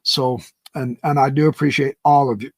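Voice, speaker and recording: A man's voice: medium pitch, little pitch movement, moderate pace, no room sound. A man hosting his own reaction channel, talking emphatically and indignantly, often stumbling over the first words of a sentence. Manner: emphatic, stammering restarts, indignant.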